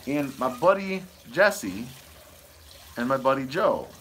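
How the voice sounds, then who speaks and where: In a slow, sing-song, fairly bright medium-pitched voice, a Michigan man hosts a casual homesteading live stream outdoors on his homestead. He reads viewer comments aloud and answers them in a goofy, rambling way, recorded on a wireless lapel mic with slight background noise.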